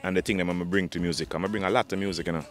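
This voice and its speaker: A man with a Jamaican accent, a dancehall artist talking fast in animated patois in an interview. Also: low-pitched, faint music behind. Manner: fast animated patois, frequent "dog" and "you understand".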